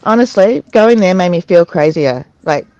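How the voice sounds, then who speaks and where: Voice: medium pitch, animated, a little mellow, dry recording, highs cut off. An adult talking candidly at a recovery meeting, with many restarts, fillers and laughs while recounting. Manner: halting, frequent restarts and fillers. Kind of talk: candid personal sharing. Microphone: online video call.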